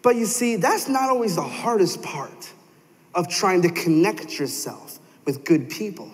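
A man's voice: sits high, very animated, unhurried. A young man preaching a sermon in a church, telling stories animatedly and acting out quoted voices. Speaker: pastor. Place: church sanctuary. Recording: long hall reverb.

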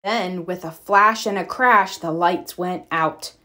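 A woman reading a children's picture book aloud with expressive storytelling. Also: fairly low pitch, slow. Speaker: storybook reader. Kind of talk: children's read-aloud narration.

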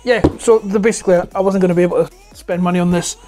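A man in his forties with a Scottish accent, chatting casually to camera about toys at home on a clip-on mic, his voice hoarse and close to breaking, rambling and swearing freely. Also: high voice, steady tone, quick pace, warm tone, soft background music. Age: 40s. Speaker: toy collector vlogger. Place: at home indoors. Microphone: clip-on lapel mic.

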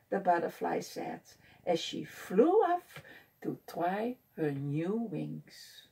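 A woman librarian reading a picture book aloud at storytime, in an expressive, sing-song way. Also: lowish voice, slow pace, creaky, slightly rough. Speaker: children's librarian.

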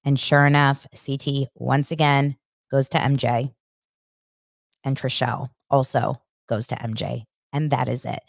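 A woman in her thirties hosting a podcast, chatting casually and excitedly as she retells scenes and acts out people's lines. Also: rumbling low, measured pace, vocal fry, no echo, studio quality. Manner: excitable, animated retelling with acted-out quotes. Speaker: podcast host. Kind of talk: casual chat recapping reality TV.

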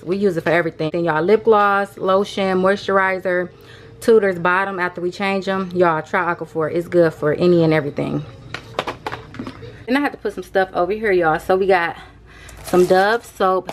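Chatty woman rushing through a haul. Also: on the low side, a little hiss or hum. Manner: chatty, keeps addressing viewers as y'all; rushed, hungry and out of breath. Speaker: vlogger. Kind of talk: casual haul vlog.

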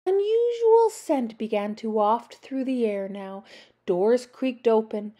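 A woman from Canada reading a children's picture book aloud, slowly and expressively. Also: fairly high pitch, expressive, dark tone. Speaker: storyteller.

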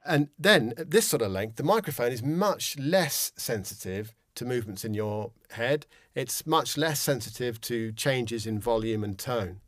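A man talks through studio technique in a relaxed, explanatory tone, pausing on ums and restarting his sentences. His voice sits at an ordinary middle pitch. The sound is dry and close, captured on a studio condenser mic. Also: dry recording. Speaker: instructor. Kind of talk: casual instructional explanation. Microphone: studio condenser microphone with pop shield.

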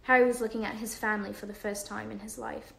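A woman's voice: medium pitch, little pitch movement, quick pace, vocal fry, a bit bright, roomy sound, poor audio. A woman reading a novel aloud to viewers on a livestream, unpolished, with fillers and self-corrections.

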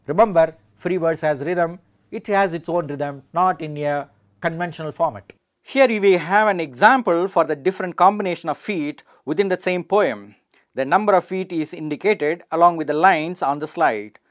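A man with an Indian English accent giving a measured lecture on poetic meter and reading verse aloud with clear stress. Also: a little high.

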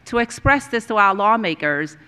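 Bright-voiced woman reading a board resolution. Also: medium pitch, lively intonation, clear, resonant tone. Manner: formal, measured delivery. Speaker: school board member. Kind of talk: reading a resolution, then speaking to it.

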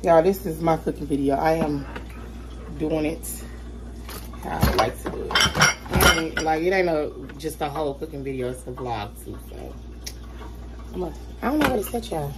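A woman with a low, expressive voice chats casually with her viewers while cooking dinner in her home kitchen, calling them "y'all" over and over. She's a vlogger talking straight to the camera at a normal speed, leaving long pauses, with heavy background noise throughout.

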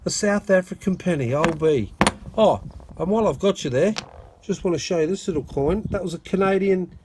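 An Australian man filming a casual outdoor vlog on his phone, chatting excitedly to viewers and calling his mate "mate" a lot. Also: high-pitched, fairly quick, noisy background. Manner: excitable, blokey, lots of "mate" and "righto". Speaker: metal detecting channel host. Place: outdoors at a dig site. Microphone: phone camera.

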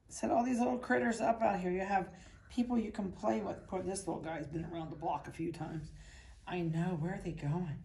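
A dog breeder with a Midwestern American accent chatting casually indoors, cooing baby talk at puppies and voicing their thoughts. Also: female voice, mid-range voice, normal speed, warm tone. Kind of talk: casual chat to puppies and camera. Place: indoors at a kennel.

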